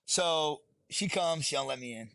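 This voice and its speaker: A man's voice: a little high, moderate pace, creaky, a bit bright, dry recording. A middle-aged man, a podcast guest telling his story bluntly and profanely, rambling as he goes. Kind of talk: candid storytelling.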